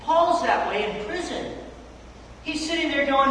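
A preacher giving a sermon in a church sanctuary, animated and casual, acting out scripture scenes in slangy everyday talk. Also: high-pitched, measured pace, long pauses. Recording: echoey church hall, distant mic, faint noise.

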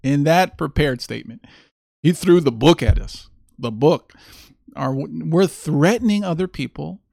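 Sarcastic ranting man with gravelly voice. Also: a little high, a little slow, darkish tone, no echo, studio quality. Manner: sarcastic, mocking rant. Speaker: streamer host. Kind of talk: casual solo stream commentary.

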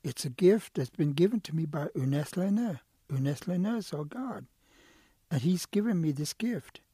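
A man's voice: a little high, expressive, normal speed, dark tone, husky, dry recording, clean studio sound. A man voicing an old male turtle in a told story, cautious and protective of what is his. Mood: reluctant. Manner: hesitant, protective.

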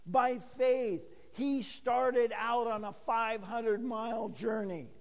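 An older man delivers a sermon in a high, unhurried voice, acting out bits of dialogue in a folksy storytelling way. His words ring out with a long reverb trailing behind them. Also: steady tone. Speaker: pastor.

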